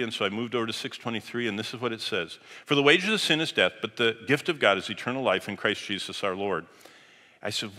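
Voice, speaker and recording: A man preaching, telling a story in an animated way that swings from loud to hushed, and reading scripture aloud. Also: on the low side. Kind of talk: storytelling sermon. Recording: long hall reverb.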